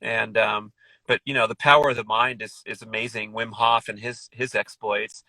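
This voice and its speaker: Middle-aged male podcast guest, eager and rambling, forceful bright tone, dry close sound. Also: on the low side, little pitch movement, normal speed, gravelly, dry recording, poor audio. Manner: enthusiastic, rambling, frequent restarts. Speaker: podcast guest, wellness author. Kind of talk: casual podcast conversation.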